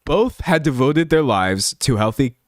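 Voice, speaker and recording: A young man streaming live, reading an article aloud to his chat and breaking off into chatty commentary, swinging from loud remarks to hushed asides. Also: mid-range voice, lively intonation, unhurried, no echo, clean studio sound.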